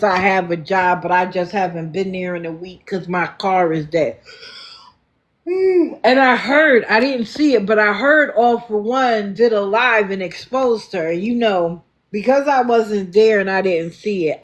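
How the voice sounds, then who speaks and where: A woman hosting a casual livestream, talking indignantly and accusingly. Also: medium pitch. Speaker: livestream host.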